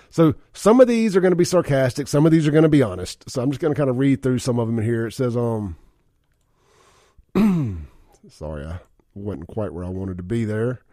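A man's voice: mid-range voice, expressive, normal speed, pauses often, warm tone, dry recording. Guy hosting talk radio, laid-back chatty, lil chuckles, dry close mic. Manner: chatty, chuckles often, reads listener texts aloud. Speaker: radio talk show host. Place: radio studio. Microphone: studio microphone.

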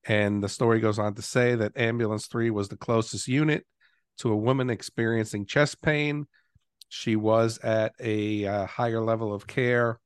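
A man hosting a podcast, talking in a relaxed conversational way with a co-host. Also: on the low side, moderate pace, clean tone, no echo, clean studio sound. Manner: energetic intro then relaxed conversational. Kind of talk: casual chat.

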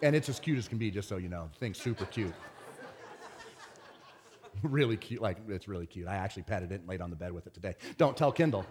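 A pastor delivering a conversational sermon, telling stories in an animated, stop-and-start way. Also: male voice, low voice, quick pace, pauses often, some chatter behind. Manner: conversational storytelling, animated, many restarts.

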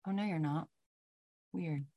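A woman's voice: deep voice, a little slow, mellow. A woman hosting an online training call, upbeat and chatty, speaking through a computer mic. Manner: upbeat, chatty, flustered by tech trouble.

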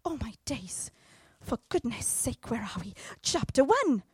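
A woman preaching a sermon in a lively, chatty way, with joking asides and sudden loud bursts. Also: fairly high pitch, a little slow, breathy edge, no echo.

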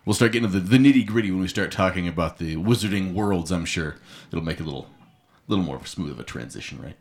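A man's voice: sits low, lively intonation, fast, slight background noise. A man hosting a podcast in casual chat, upbeat and wry. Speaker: podcast host.

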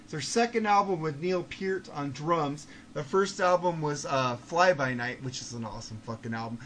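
A man hosting a podcast, swearing constantly and ranting with excitable energy. His voice sits a bit high for a man, and there is a faint noise under the recording. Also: normal speed. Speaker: podcast host. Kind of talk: casual podcast chat.

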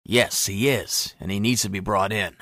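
A man voicing a cold, menacing male intelligence chief who interrogates in a quiet, measured, threatening way. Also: fairly low pitch, fairly even intonation, no echo, studio quality. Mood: commanding.

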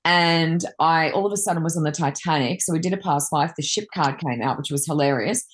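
A woman's voice: deep voice, a little fast. A woman, a Reiki master and card reader, chatting casually and telling rambling anecdotes with many fillers.

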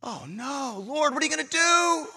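A preacher acting out a frightened male prophet, whining up at the heavens in a thin, piercing, very high voice. He pleads in a rising rush, bright and sharp-edged. The sound rings through a long, echoing hall. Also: lively intonation, normal speed, full character voice. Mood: panicked. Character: panicked adult male prophet pleading with God.

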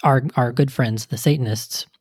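A man's voice: medium pitch, fairly even intonation, moderate pace, no echo, studio quality. A man in casual political chat, speaking hesitantly with frequent "you know" and "um.".

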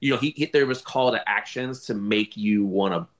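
A man hosting a casual chat, talking in an animated way with many quick restarts. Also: lowish voice. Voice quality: animated, stammering restarts, lively storyteller. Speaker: podcast host.

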